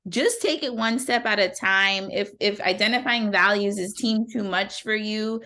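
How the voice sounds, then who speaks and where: A woman's voice: medium pitch, normal speed, pushed and bright. A woman hosting a podcast in a casual, encouraging chat, filling her speech with "like". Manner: chatty and encouraging, many "like" fillers. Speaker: podcast host.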